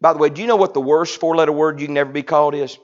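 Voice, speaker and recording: Male pastor, forties, passionate sermon, loud-to-hushed swings, dull lo-fi sound. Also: on the high side, racing. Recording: dull lo-fi recording.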